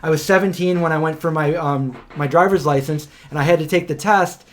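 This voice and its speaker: Guy hosting a stream, kinda high voice, lots of "like", rambly casual storytelling. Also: a little fast. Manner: rambling, full of fillers like "like"; animated retelling of anecdotes. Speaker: host of a livestream.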